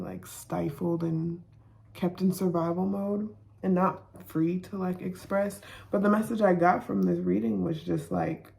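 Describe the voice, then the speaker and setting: Slow low gravelly-voiced woman. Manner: soft, halting, many fillers. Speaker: oracle card reader. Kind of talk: reflective spiritual monologue.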